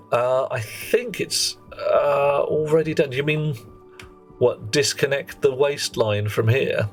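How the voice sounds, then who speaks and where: A man, chatting jokily on a live game stream and reading viewer names aloud. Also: medium pitch. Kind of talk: live gameplay stream chat.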